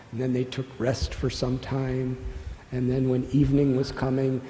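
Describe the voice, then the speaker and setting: Older male preacher, warm unhurried storytelling, roomy hall reverb with faint ambience. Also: mid-range voice, a little hiss or hum. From United States. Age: 60s. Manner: slow, tender narration that voices the story's characters. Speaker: monk giving a spiritual discourse. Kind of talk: devotional storytelling sermon.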